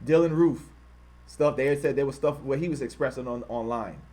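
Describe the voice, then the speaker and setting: A man hosting an online show, reading items off his screen and talking about them. He repeats himself often and gets loud and high-pitched when he is worked up. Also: fairly quick. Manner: repetitive, grows loud and high when heated, mocking quoted voices. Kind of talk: livestream commentary reading from a screen.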